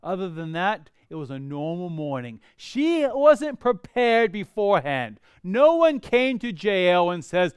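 A middle-aged man preaching a sermon, telling stories in an animated way with humorous asides. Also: high voice, unhurried, few pauses, smooth, dry recording, clean studio sound. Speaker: pastor.

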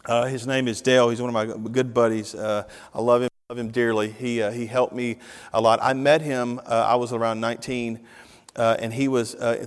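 A middle-aged man preaching a sermon as a lively storyteller, acting out the dialogue of the people in his story. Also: mid-range voice. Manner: animated storyteller, acts out dialogue. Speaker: pastor. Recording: long hall reverb.

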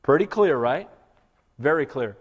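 A man preaching a sermon as pastor, animated and swinging between loud bursts and hushed asides. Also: fairly high pitch, measured pace, husky, in a large hall, dull audio.

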